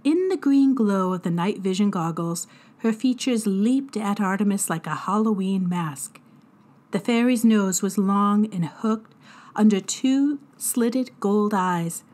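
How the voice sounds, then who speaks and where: A woman teacher reading a chapter book aloud to students in a deliberate, expressive narration. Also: medium pitch. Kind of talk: storybook read-aloud narration.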